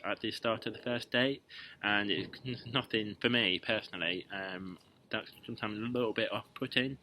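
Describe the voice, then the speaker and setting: A young man vlogging dating tips in a slightly low voice, casual and chatty, often pausing with ums and restarting his sentences. he sounds playful and talks straight to camera. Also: pushed and bright, a little hiss or hum, low-quality recording. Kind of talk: casual direct-to-camera advice.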